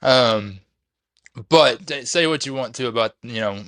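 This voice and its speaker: A man's voice: medium pitch, unhurried, fairly bright tone, no echo, clean studio sound. A man hosting a casual interview, loose and conversational, often repeating himself. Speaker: interview host.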